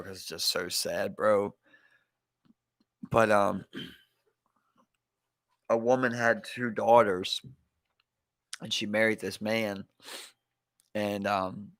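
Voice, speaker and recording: A man's voice: lowish voice, fairly bright tone, dry recording. A young man with a Baltimore accent, telling a story casually on a podcast, rambling with many fillers and calling his listener "bro.". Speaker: podcast co-host.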